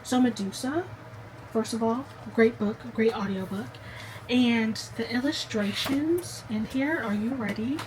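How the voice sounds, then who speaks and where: A woman's voice: a little high, unhurried, background noise. Chatty young woman gushing about books. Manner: chatty and gushing, talks straight to the viewer. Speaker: book vlogger. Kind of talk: casual chat to camera.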